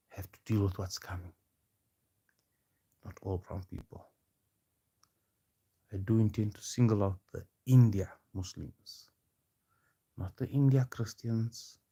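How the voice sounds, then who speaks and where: Casting: man, low dark voice, taunting confrontational rant. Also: breathy edge. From South Africa. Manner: taunting, challenging, repeats himself. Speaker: protester.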